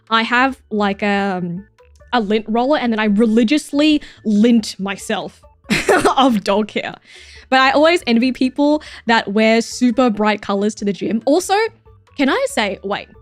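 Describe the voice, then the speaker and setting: A woman in her thirties with a slightly high voice, chatting casually on a livestream. She gushes over viewers' photos, swears freely and throws out mock-jealous insults. Her voice is close and dry, with soft music playing underneath. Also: no echo. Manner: gushing and swearing, mock-jealous outbursts, frequent laughs. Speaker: streamer reacting to viewer submissions.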